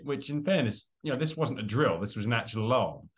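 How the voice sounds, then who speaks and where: A young adult man co-hosts a casual podcast chat, telling a story as an animated storyteller who laughs often and acts out quotes. His voice is medium-pitched and his pace quick.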